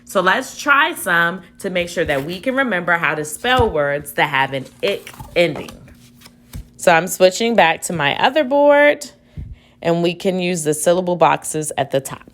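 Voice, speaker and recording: A woman teacher with a lowish, expressive, slightly bright voice leads a spelling dictation. She repeats each word slowly and deliberately, then spells it out letter by letter.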